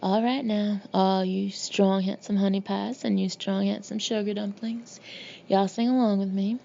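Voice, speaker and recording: Woman voicing a teenage girl, exaggerated Southern drawl, syrupy, gravelly undertone, dull lo-fi audiobook. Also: mid-range voice, steady tone, normal speed, dark tone, slight background noise, close to an everyday voice. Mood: mock-sweet.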